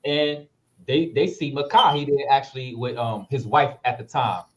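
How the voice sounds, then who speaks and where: A man's voice: mid-range voice, normal speed, rough recording. Laid-back New man telling stories. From Harlem, New York. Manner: laid-back, full of fillers, lively when retelling. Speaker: actor and guest. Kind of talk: casual storytelling interview.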